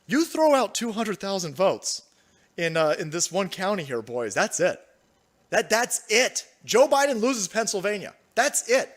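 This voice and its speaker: Profane ranting high-voiced male streamer. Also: fairly bright tone. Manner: profane, ranting, reads viewer chat. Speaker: livestream host. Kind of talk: political livestream commentary.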